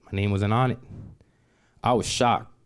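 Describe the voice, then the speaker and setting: Man, storyteller, smooth clear voice, easy everyday delivery, lots of "like", punchy emphasis. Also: fairly low pitch, fairly even intonation, measured pace. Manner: conversational, repeats "like" and restarts. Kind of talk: personal story told to an audience.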